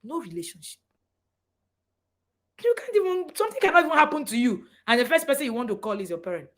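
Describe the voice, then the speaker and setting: A woman's voice: high-pitched, sing-song, fast. A middle-aged woman, a parent coach giving a passionate motivational talk, swinging between emphatic lines and near-whispers.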